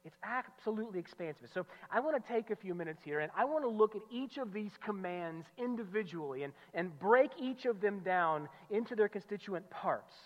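A male pastor preaching an expository sermon, emphatic, repeating key phrases and swinging from loud declarations to low, quiet asides. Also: animated, normal speed, few pauses. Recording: muffled sound with long hall reverb.

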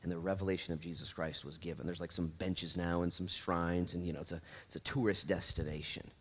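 A man pastor giving a casual, animated sermon in church, laughing and acting out little asides. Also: low voice, fairly quick, hardly any pauses.

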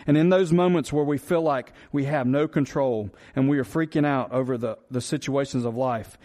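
A man's voice: mid-range voice, a little mellow. A man preaching a sermon, earnest and repetitive, asking the congregation rhetorical questions. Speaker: pastor.

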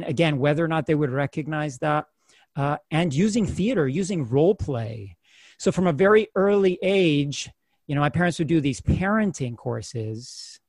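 Animated male storyteller, dry close sound. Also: a little high, no room sound. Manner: animated storyteller who acts out voices. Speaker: guest. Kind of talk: reflective personal storytelling.

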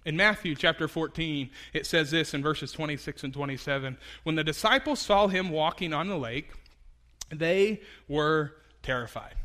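A pastor's sermon rings out in a bright voice pitched a bit high for a man, at a moderate pace. His delivery is conversational, full of fillers and restarts, with lively emphasis pressing his points home.

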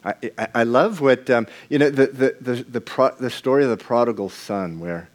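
A man's voice: mid-range voice, moderate pace. A man preaching a sermon in a conversational way, asking the congregation questions and often repeating and restarting words.

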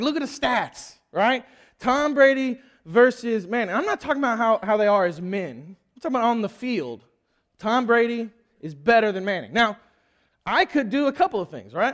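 A man preaching a sermon to a church crowd, joking and chatting with the audience as he goes. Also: sits high. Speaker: youth pastor.

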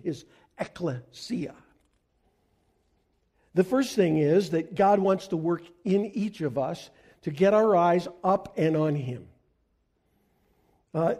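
A man preaching a sermon as pastor to his congregation, earnest, rising to loud emphatic peaks. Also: high-pitched.

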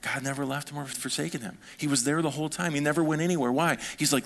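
Man preaching a lively sermon. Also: on the high side, fast talker. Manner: animated preaching, swinging between soft and fired-up. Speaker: pastor.

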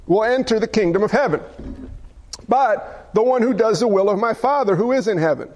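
A man preaching with an unusually high voice. He drives his points home emphatically, asks the congregation rhetorical questions and briefly acts out the voices of the people he quotes. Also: animated, brisk, darkish tone. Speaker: pastor. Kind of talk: sermon.

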